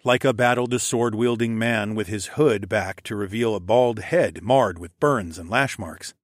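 A man reading a first-person audiobook in steady, measured scripted narration. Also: lowish voice, no echo, clean studio sound.

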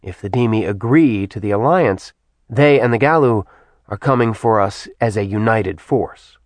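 A man's voice: lowish voice, normal speed, no echo, close to an everyday voice. A man voicing a determined young woman who briefs her team. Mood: brisk.

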